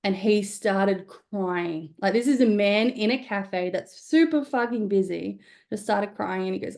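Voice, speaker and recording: Aussie woman coaching a workshop, bit of vocal fry, chatty, keeps asking right?. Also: mid-range voice, measured pace, hardly any pauses, a little mellow. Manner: conversational, frequent "right?" check-ins, casual swearing. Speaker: business coach. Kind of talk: live workshop teaching.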